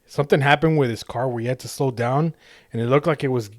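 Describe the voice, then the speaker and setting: A man's voice: mid-range voice, fast, dry recording, studio quality. A man co-hosting a podcast, telling a road-rage story in casual, profane chat with lots of restarts. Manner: acts out shouted road-rage quotes. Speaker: podcast co-host.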